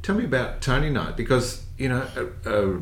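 A man's voice: mid-range voice, animated, moderate pace, roomy sound. A man interviewing a guest, asking keen questions and prompting the story.

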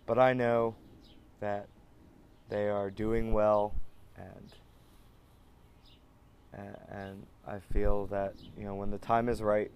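A man in his thirties hosting a podcast, talking in a rambling, halting way with many restarts and fillers. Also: fairly low pitch, flat delivery, darkish tone, a little hiss or hum. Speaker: podcast host. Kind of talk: casual personal monologue.

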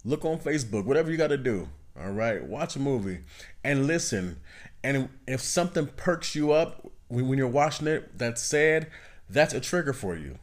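A man's voice: medium pitch, very animated, moderate pace. A man hosting a self-help podcast, talking casually and repeating his points with frequent "you know what I mean?" asides. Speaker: podcast host.

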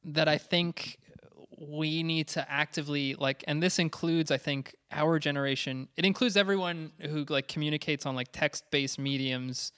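A young man co-hosting a casual podcast chat, halting and thinking aloud with many fillers. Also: on the high side, steady tone, sharp tone, clear, resonant tone. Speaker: podcast co-host.

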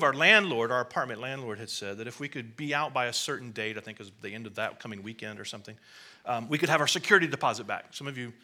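Bright-voiced male pastor preaching. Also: medium pitch. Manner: conversational storytelling with asides to the congregation. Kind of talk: sermon.

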